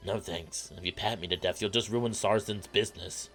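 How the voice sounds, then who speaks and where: A man voicing a sarcastic male private investigator who narrates in a low, wry, deadpan way in a game playthrough. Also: moderate pace, faint music behind.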